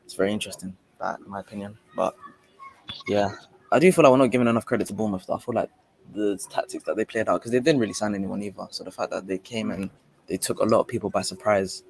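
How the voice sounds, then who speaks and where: A man on a football panel, talking through his opinions quickly. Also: lowish voice, vocal fry, a little mellow, breathy edge, rough recording. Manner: rapid, opinionated. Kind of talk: casual football chat.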